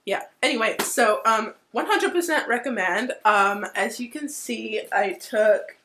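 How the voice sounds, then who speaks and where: A woman's voice: a little high, a little slow, pushed and bright, slight background noise. A woman hosting her own channel, chatting casually and emotionally about a book, full of fillers and gushing asides. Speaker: book reviewer, channel host. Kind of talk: casual vlog chat.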